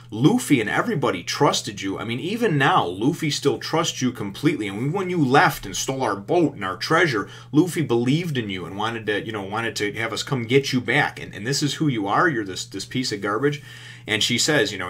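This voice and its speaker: A man's voice: on the low side, animated, moderate pace, fairly bright tone, breathy edge. A man casually recapping a comic chapter in a rambling, profane way, full of fillers. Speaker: manga reviewer.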